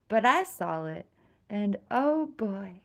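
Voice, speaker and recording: Slow-talking, giggly young woman streamer. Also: mid-range voice. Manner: giggly, self-mocking, rambling. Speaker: live streamer. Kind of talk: casual live-stream chat.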